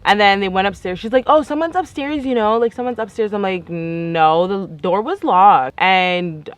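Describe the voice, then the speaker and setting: A woman's voice: medium pitch, normal speed. A young woman telling a story in a casual vlog, chatty and exasperated, acting out both sides of each conversation. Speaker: vlogger.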